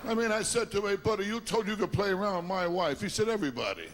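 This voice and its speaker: A man from Long Island doing a stand-up routine, complaining about himself in quick self-deprecating one-liners. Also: sits high, animated. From Long Island, New York. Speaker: stand-up comedian. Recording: noisy live recording.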